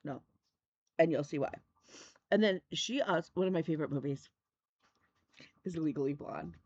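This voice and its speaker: A woman's voice: low-pitched, normal speed, a little mellow, husky. Effusive chatty woman, lo-fi sound. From Michigan. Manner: chatty, effusive, repeats "love me a". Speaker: flosstube host. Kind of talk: casual chat.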